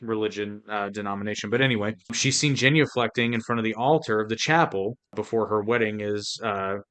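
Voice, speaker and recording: A man co-hosting a podcast, explaining episode details in a measured, casual way. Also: on the low side, fairly bright tone, clear, resonant tone. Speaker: podcast co-host. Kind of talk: casual chat, reading episode notes.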